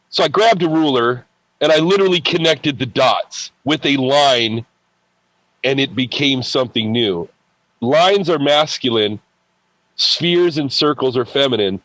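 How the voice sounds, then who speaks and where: A man's voice: mid-range voice, normal speed, fairly bright tone, no echo, low-quality recording. A man speaking as a podcast guest. He tells a personal spiritual story, acts out the dialogue in it, and often repeats words and restarts.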